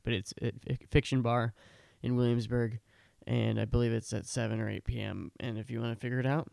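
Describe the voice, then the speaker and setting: A man's voice: mid-range voice, creaky, mellow, clear, resonant tone, no echo, clean studio sound. A man hosting a casual podcast chat, rambling and hesitant with many fillers. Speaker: podcast host.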